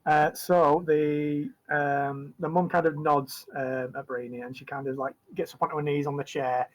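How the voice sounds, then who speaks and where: Guy dm-ing a tabletop game, bit high voice, rambly, loads of ums and likes. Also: flat delivery, moderate pace, poor audio. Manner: rambling, full of fillers and restarts. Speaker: game master.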